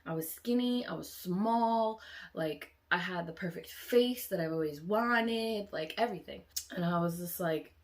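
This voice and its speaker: A woman vlogger telling a story casually and animatedly, with many fillers, rising loud and high when excited. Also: a little slow.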